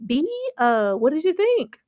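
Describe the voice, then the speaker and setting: A woman's voice: high-pitched, sing-song, measured pace, a little mellow, dry recording. A woman co-hosting a casual TV review chat, laughing often and reading viewer comments aloud. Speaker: co-host reviewing a TV episode.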